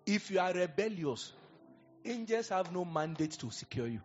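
Nigerian preacher with a fairly high voice. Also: male voice, sing-song, normal speed, highs cut off, soft background music. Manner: storytelling preacher who swings from quiet asides to loud exhortation. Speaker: pastor. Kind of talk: sermon.

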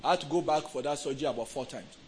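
Nigerian guy preaching, pretty high voice, gets loud then drops soft, keeps asking the crowd stuff. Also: very fast, a little hiss or hum, rough recording. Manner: emphatic, swings loud and soft, asks the crowd questions. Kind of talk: sermon.

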